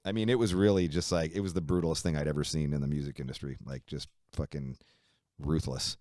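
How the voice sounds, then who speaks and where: A middle-aged musician with a very low, deep voice tells his story in a loose, profane, animated way. The sound is dry and close. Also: fast talker, no room sound. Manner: profane, animated retelling with frequent fillers. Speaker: musician guest. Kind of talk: casual storytelling interview.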